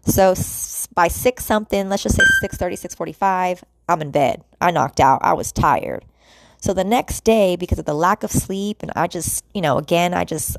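A woman with a lowish, gravelly voice talks casually to camera, rambling through restarts and fillers. She speaks straight to her viewers as y'all. The sound is dry and close, with no room sound. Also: no echo. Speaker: vlogger. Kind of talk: casual confessional chat to camera.

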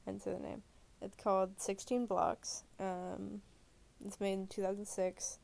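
A woman chats about films alone in her bedroom, lying down as she talks. Her voice has a gravelly, creaky edge, and her thoughts wander through fillers and restarts. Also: medium pitch, little pitch movement, measured pace, darkish tone. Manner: rambling, full of fillers and restarts. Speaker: movie reviewer. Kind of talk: rambling casual chat.

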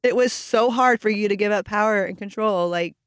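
Woman, casual podcast co-host, lively parenting anecdotes, dry close mic. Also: mid-range voice, a little fast, clear, resonant tone, no room sound. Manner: animated storytelling, acting out her kids' voices. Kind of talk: casual chat.

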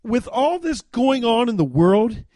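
Folksy drawling phony, high and preachy, a man doing the impression. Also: sing-song, measured pace, mellow, dry recording, clean studio sound, heavily acted. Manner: preachy, drawling, pretending to be country. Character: man's old schoolmate faking a folksy rural drawl.

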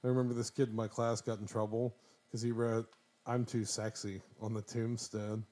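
A man's voice: mid-range voice, flat delivery, brisk, warm tone. A man in his thirties co-hosting a casual podcast chat, joking and slipping into goofy quoted voices. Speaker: podcast co-host.

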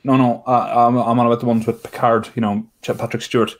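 A man's voice: medium pitch, level tone, fast talker. A man co-hosting a podcast, talking in a wry, rambling way with restarts. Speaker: podcast co-host. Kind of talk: casual podcast chat.

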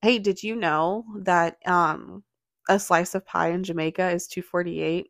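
A woman's voice: lowish voice, steady tone, a little slow, creaky, dry recording. A young woman co-hosting a podcast, chatting casually, laughing often and telling stories with lots of swearing. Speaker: podcast co-host. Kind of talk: casual chat.

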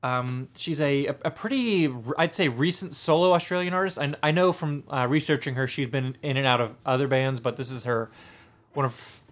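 A man's voice: medium pitch, moderate pace. A man co-hosting a casual music review chat, talking in a rambling way with many fillers and restarts. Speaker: podcast co-host reviewing an album.

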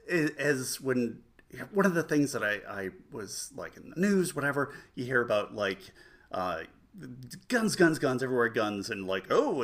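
A man's voice: mid-range voice, fairly bright tone. A man in his forties telling a rambling family story in casual chat, full of restarts and self-mocking humor. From United States.

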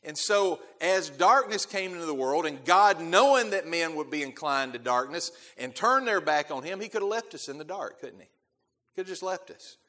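A man preaching a sermon as pastor, emphatic, repeating key phrases and swelling loud on key words before dropping to quiet asides. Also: a little high, lively intonation, normal speed. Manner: emphatic, repeats key phrases, quotes scripture in King James wording.

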